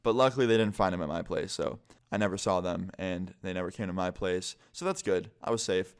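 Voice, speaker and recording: A young man tells a scary story straight to camera in a casual vlog. His voice sits a little low and comes across smooth and clear. He swears freely and fills his sentences with "like.". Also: fairly quick. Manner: casual, heavy swearing, lots of "like". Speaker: vlogger.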